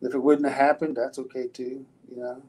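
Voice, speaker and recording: A man's voice: medium pitch, little pitch movement, brisk, darkish tone, rough recording. An older man, a retired wrestler, answering interview questions in a loose storytelling way, with frequent restarts, fillers and casual swearing.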